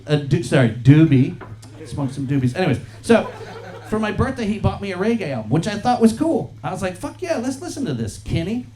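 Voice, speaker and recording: A man in his forties performing a stand-up comedy set on a club stage into a handheld mic, profane and animated, often acting out other people's voices. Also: sits high, fairly quick. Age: 40s. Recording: live club set with crowd laughter. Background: audience laughing.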